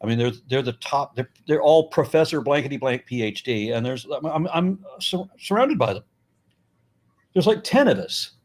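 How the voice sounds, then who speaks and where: A middle-aged American man talking casually as a guest, blunt and profane, animated, with frequent restarts. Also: mid-range voice, moderate pace. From United States. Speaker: YouTuber and guest. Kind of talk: casual conversation.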